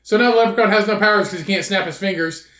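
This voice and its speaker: Male podcast co-host, loose and profane storyteller with a somewhat high voice, recorded in a roomy space. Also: very fast, a bit bright. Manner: profane, laughing, rambling storyteller. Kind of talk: casual storytelling chat.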